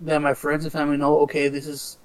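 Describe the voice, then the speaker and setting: A man in casual chat, telling stories loosely with profanity and quick impressions of others. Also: a little high, completely flat delivery, no room sound.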